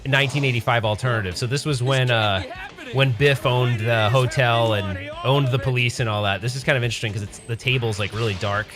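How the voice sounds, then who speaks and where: A man with a middle-pitched voice hosts a pinball livestream in a casual, rambling way. He keeps restarting his sentences and talking straight to his chat, with faint music behind him. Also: fairly quick. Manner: rambling, self-correcting, chatty with chat. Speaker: pinball streamer host.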